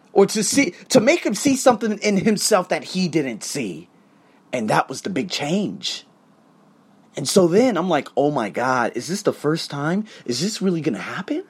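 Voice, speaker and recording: A man tutoring and podcasting, talking in a casual vlog monologue and telling punchy, profane stories with quoted dialogue acted out. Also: slightly rough. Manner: animated storytelling with acted-out quotes; profane and punchy, repeats "boom".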